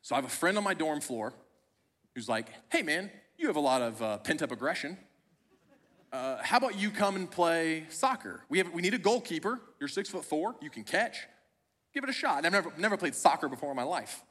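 This young pastor's voice sits on the high side, fairly bright and sing-song, moving at a brisk clip. Delivering a sermon in a church auditorium, he shares a personal story with chatty, self-mocking humor, all wrapped in long hall reverb.

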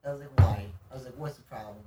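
A man's voice: medium pitch, rapid-fire, background noise. A man in his twenties telling a wild story in casual podcast chat, swearing freely and laughing as he goes. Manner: animated, profane, laughs through his story. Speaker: podcast guest. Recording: roomy sound from a distant mic.

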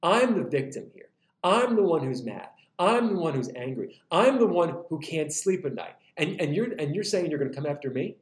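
A man voicing an indignant male apostle who protests that he is being treated unfairly, talking in a rapid, insistent complaint. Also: on the high side, very animated. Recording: roomy echo.

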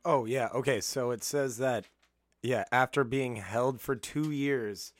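A man's voice: mid-range voice, measured pace, no room sound. A man in casual chat, making blunt, crude jokes.

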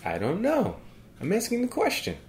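A man co-hosting a comedy podcast, feeding deadpan leading questions in a joking chat. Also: sits high, moderate pace. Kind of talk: joking conversational banter. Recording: roomy echo.

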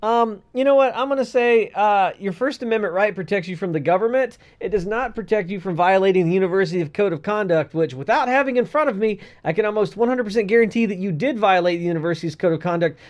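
A man's voice: high voice, fast, few pauses. A man co-hosting a casual podcast, reading out a news story with sarcastic, swearing asides. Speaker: podcast co-host.

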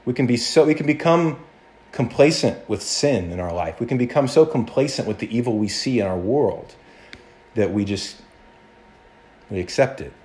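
Animated man preaching a sermon. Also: mid-range voice, moderate pace. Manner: animated, conversational, with restarts and acted-out quotes. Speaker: pastor.

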